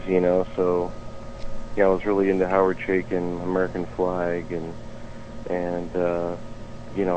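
A man's voice: low voice, warm tone. A man in his forties, a guest artist, answering interview questions in a loose, rambling way with many ums and restarts. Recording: dull lo-fi sound with faint noise.

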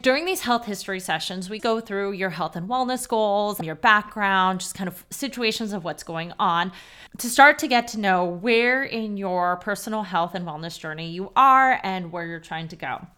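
A woman's voice: medium pitch, pushed and bright, clean tone. Chatty woman hosting a podcast. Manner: candid, quick and chatty with many "like"s. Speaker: podcast host. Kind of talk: unscripted solo podcast talk.

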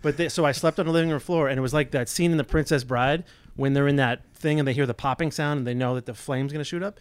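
A man co-hosting a podcast, a teasing and animated storyteller in casual banter. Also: fairly high pitch, fast, clear, resonant tone, no room sound. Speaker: podcast co-host.

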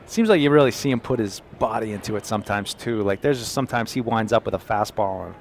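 Chuckling man calling practice plays. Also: on the low side. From Massachusetts. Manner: quick play-by-play, laughs often. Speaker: podcast co-host. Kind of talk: live practice commentary. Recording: faint background noise.

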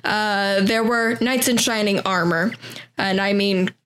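A woman's voice: mid-range voice, steady tone, a little slow, a bit bright. A woman casually recounting a historical party as a podcast co-host, with wry asides and swearing.

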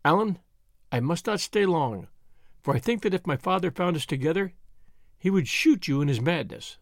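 A man's voice: on the high side, expressive, normal speed, vocal fry, dry recording. Young woman pledging loyalty, earnest and solemn, read by a man, dry booth sound. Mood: tender. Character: devoted young woman, tender and resolute.

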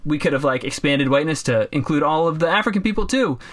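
A male co-host on a casual podcast speaks quickly with lively intonation and a slightly bright voice. He's sarcastic and profane, slipping into high mocking voices whenever he quotes someone.

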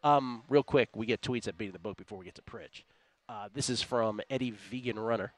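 A man's voice: medium pitch, fairly quick, no echo. Chatty male sports radio host. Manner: chatty, laughs often, reads listener tweets aloud. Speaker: sports betting show host. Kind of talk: casual radio sports talk.

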